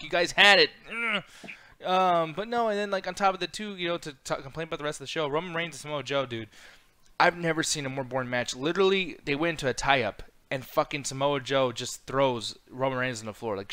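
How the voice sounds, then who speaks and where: A man's voice: a little high, sharp tone, clean tone. A man co-hosting a wrestling review show, ranting in an exasperated, swearing-heavy casual chat.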